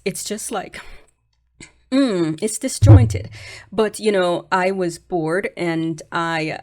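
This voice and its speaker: A woman hosting her own video channel, speaking in a fairly low voice. She talks casually and frankly, circling her points with fillers, restarts and dismissive asides. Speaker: channel host. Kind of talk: casual opinion commentary.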